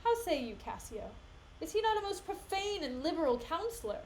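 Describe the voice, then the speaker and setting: A woman's voice: very high-pitched, very animated, a little fast, a little mellow, slight background noise, heavily acted, poor audio. A woman reading aloud the lines of an indignant young noblewoman in reproachful verse.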